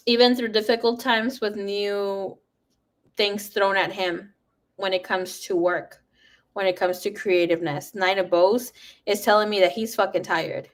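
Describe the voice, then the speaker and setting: A young adult woman giving a live tarot reading, talking frankly and swearing freely. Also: mid-range voice. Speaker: tarot reader.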